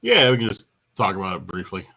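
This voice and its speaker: A husky man with a bright, lively voice co-hosts a casual chat show about games. He swings his pitch widely as he tells stories, and he laughs often. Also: fast. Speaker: co-host of a retro gaming chat show.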